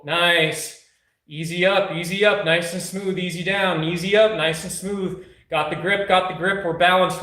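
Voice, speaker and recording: A high-voiced man runs a live workout stream, joking and swearing between sets. He slows down to give soothing cues on grip and balance. The sound bounces around an echoey room. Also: fairly bright tone. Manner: hyped, joking, profane coaching chatter. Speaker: fitness streamer. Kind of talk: casual live workout chat.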